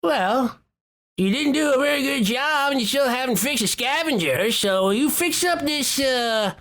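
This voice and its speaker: A man's voice: very high voice, lively intonation, measured pace, a bit bright, voice pushed up, full character voice. A man voicing a scheming woman gang boss who talks in a sneering, dismissive way. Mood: scornful.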